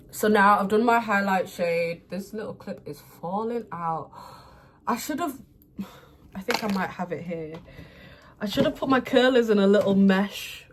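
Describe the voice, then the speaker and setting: A young woman talks through her makeup routine in a casual chat at home. She is chatty and playful, laughing often and now and then breaking into excited outbursts. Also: mid-range voice. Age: young adult. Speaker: beauty vlogger. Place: home room, indoors.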